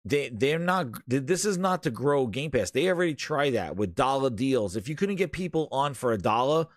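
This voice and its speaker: A man co-hosting a casual gaming podcast, ranting in an animated way and often talking over his co-host. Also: mid-range voice, normal speed, no echo, clean studio sound.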